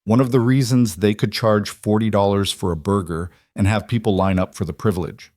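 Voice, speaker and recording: A man narrating a scripted drama in a steady, measured way. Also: lowish voice, dry recording, clean studio sound.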